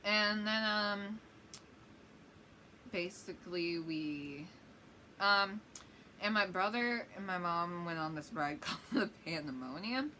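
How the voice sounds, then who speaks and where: A woman's voice: fairly low pitch, slow, long pauses, sharp tone, slight background noise. A woman vlogger telling a rambling, chatty story-time tale.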